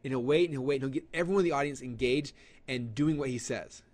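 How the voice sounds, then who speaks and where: Man, webinar presenter, fast and casual, with lots of "um"s, acting out quotes from his audience. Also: medium pitch. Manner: animated, acts out audience quotes, lots of fillers. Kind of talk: live webinar teaching.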